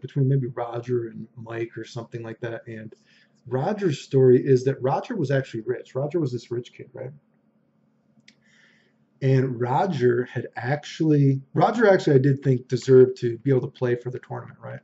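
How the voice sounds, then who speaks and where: A man's voice: medium pitch, warm tone, lo-fi sound. A man casually telling a long story, rambling, swearing and getting heated as he goes. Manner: rambling, profane, heated retelling.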